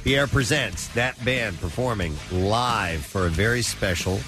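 A man's voice: on the low side, a little slow, over music. A man with a sore throat and the sniffles, hosting a morning radio show and reading entertainment news with asides.

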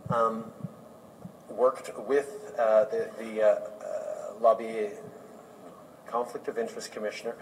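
A man answering press questions haltingly, stumbling through restarts and fillers. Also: lowish voice, level tone. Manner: halting, full of ums and restarts. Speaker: politician. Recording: distant clip with loud background noise.

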